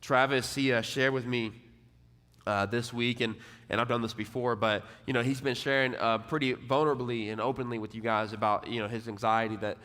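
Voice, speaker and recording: A man's voice: steady tone, a little fast. Young male college-ministry preacher, casual talky delivery with constant fillers, mid-range voice, recorded in a hall with long reverb. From Texas. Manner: casual, conversational preaching with many "like" fillers and repeated words; drops quieter and lower when voicing quoted people. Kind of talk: sermon.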